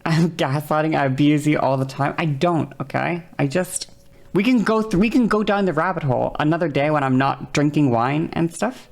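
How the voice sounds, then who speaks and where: Low, gravelly woman ranting at chat. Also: moderate pace, darkish tone. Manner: exasperated, argumentative, swears often. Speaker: streamer. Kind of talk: heated live-stream rant at chat.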